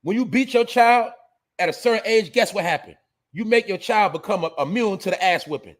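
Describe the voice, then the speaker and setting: A man lectures his audience in a casual, profane monologue. His voice sits high for a man, and he talks bluntly and preachily. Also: fairly quick. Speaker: show host.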